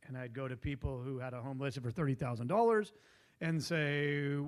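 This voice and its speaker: Male guest, rambling storyteller, mid pitch. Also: brisk. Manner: rambling, digressive, laughs often. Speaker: guest investor. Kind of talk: casual storytelling. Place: meetup room.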